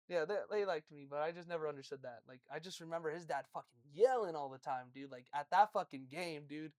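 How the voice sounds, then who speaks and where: A man chatting casually on a podcast, telling stories in an animated way, swearing and laughing often. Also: high-pitched, a little fast, no echo, studio quality. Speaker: podcast co-host. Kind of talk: casual chat.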